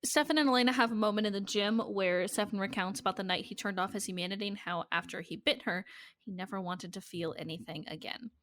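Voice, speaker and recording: A woman's voice: medium pitch, fast, a bit bright, dry recording. A woman co-hosting a podcast, recapping a TV episode in narrative runs and swearing casually. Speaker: podcast co-host.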